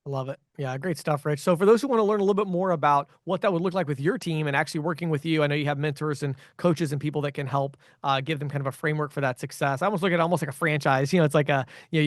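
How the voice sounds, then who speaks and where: A man's voice: a little high, dry recording, clean studio sound. A man hosting an interview, chatty and upbeat as he sets up questions for his guest. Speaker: interview host.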